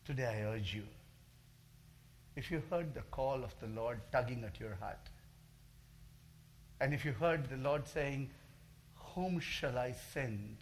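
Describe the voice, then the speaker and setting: A man's voice: medium pitch, unhurried, long pauses, slight background noise. A middle-aged male pastor giving a fervent altar call and prayer, pleading and rising in intensity.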